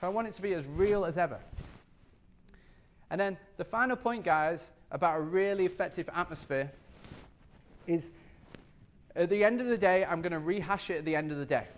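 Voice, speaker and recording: A man leading a sales training workshop, energetic and repetitive, often acting out customer scenes as he talks. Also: high-pitched, moderate pace, pauses often.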